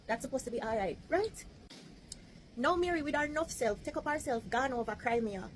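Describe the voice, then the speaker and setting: A woman from Jamaica with a Jamaican accent, telling a history story in chatty patois with lively asides. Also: sits high, fairly quick, a little hiss or hum, rough recording. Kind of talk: casual storytelling to camera.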